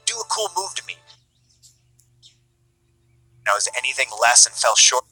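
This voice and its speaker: A man's voice: medium pitch, big pitch swings, very fast, bright, forceful tone, husky, no room sound, soft background music, poor audio. Profane blunt man telling backstage stories. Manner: profane, blunt, retells heated exchanges. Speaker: wrestler in an archived interview. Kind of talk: candid podcast storytelling.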